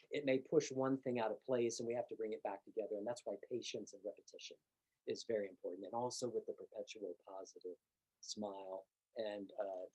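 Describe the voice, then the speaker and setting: A man teaching piano, explaining calmly and patiently, step by step. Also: on the low side, slightly rough, rough recording. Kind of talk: instructional demonstration.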